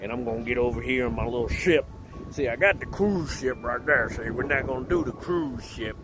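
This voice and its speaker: A man's voice: mid-range voice, a little fast, over music. A man making a casual, playful vlog outdoors by a lake, laughing at himself as he talks to viewers. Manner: playful, laughs at himself, Southern-style "y'all". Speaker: vlogger.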